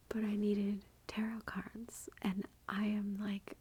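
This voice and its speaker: Unwell woman whispering a slow ASMR haul. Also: mid-range voice, little pitch movement, husky. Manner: soft whispered, chatty and self-deprecating. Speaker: ASMR channel host.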